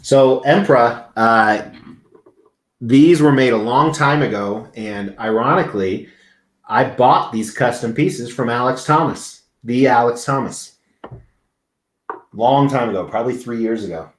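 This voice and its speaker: A man's voice: medium pitch, measured pace, roomy sound. A man hosting a live stream, chatting casually and rambling, swearing freely as he talks to viewers. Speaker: livestream host. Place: large indoor convention venue.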